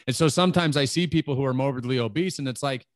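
Man, 30s, podcast host, earnest, rambling, mid pitch, dry close sound. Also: quick pace, no echo. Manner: earnest, rambling, full of "like" fillers. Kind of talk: casual interview chat.

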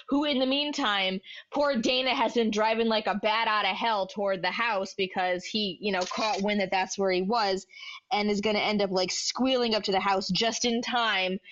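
A woman's voice: medium pitch, a bit bright, slight background noise. A young woman chatting on a comedy podcast, spinning a long, rambling story. The recording sounds dull and lo-fi. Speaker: podcast co-host. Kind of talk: casual comedic chat.

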